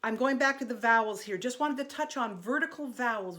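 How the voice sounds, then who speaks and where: A woman's voice: fairly high pitch, lively intonation, a little fast, bright, forceful tone, faint music behind. A middle-aged woman teaching an online singing lesson, chatty and encouraging, breaking off into sung vocal exercises.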